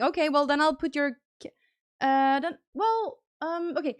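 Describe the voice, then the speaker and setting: High-voiced woman streamer chatting casually. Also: brisk, dry recording, clean studio sound. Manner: chatty, thinks aloud while fiddling with stream settings; bursts into high excited thanks for gifted subs. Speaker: livestream host. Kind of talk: casual live-stream chat.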